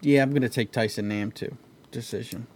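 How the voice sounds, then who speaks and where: A man's voice: medium pitch, fairly quick, a little mellow, slight background noise. Laid-back joking male host. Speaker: podcast host. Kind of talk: casual fight-pick chat.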